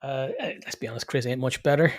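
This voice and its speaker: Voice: mid-range voice, fast. A podcast co-host chatting casually about a film, wry and dry in their put-downs. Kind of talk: casual movie review chat.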